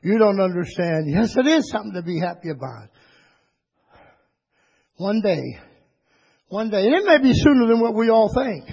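A man preaching a sermon to his church, rising into high, excited bursts and calling for amens. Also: moderate pace, creaky, long pauses, husky. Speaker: pastor. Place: church sanctuary. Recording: dull lo-fi church recording with long reverb.

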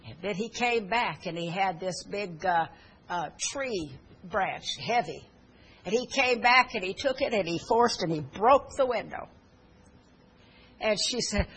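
A woman's voice: medium pitch, unhurried, a bit bright, husky, poor audio. A woman preaching a sermon, telling stories earnestly with fillers and restarts, and urging her listeners fervently.

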